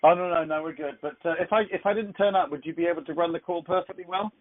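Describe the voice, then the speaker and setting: Englishman hosting a call, fairly high voice, rambly and chatty, tinny phone sound. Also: steady tone, quick pace. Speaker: host of a business conference call. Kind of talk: casual motivational talk.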